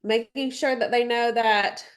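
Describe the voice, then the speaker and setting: Her voice is a little high and unhurried, with fairly even intonation, and her nose sounds stuffed up. She's mentoring a sales team through slides on a video call in an informal training session. She rambles chattily, full of ums and little asides.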